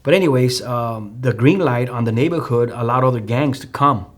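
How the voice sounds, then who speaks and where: A man's voice: mid-range voice, normal speed. A man with a Chicano English accent, a guest telling a personal testimony in a loose, storytelling way, with many fillers and restarts. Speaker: podcast guest.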